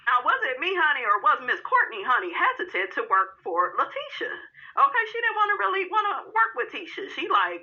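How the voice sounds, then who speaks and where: A woman giving loud, sassy, profane recap commentary on a reality show, calling the viewer honey and child as she goes. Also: high voice, wildly swooping pitch, brisk, lo-fi sound.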